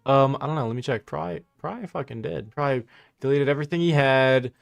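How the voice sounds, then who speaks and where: A man's voice: medium pitch, fast, gravelly, soft background music. Young male streamer, mocking, slangy, laughs often while commenting. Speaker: livestream host. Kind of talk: casual livestream commentary.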